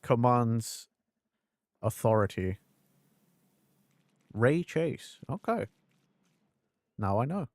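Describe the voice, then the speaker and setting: A male streamer chats loosely over his gameplay, blunt and self-mocking, with plenty of casual swearing. His voice sits at an ordinary middle pitch. The sound is close and dry, with no room around it. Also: normal speed, no echo. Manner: candid, swears freely, laughs at himself.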